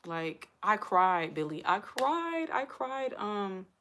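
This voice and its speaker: A woman's voice: mid-range voice, sing-song, slow, bright, forceful tone, slight background noise. A woman hosting a casual livestream, chatting to her viewers in an emotional, talkative way and close to tears. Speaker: livestream host.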